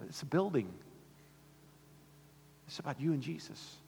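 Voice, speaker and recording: A man's voice: sing-song, a little slow, vocal fry, slight background noise. Impassioned preacher man in a reverberant hall. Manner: impassioned, rising to near-shouts then dropping low. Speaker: pastor. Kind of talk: sermon. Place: church sanctuary.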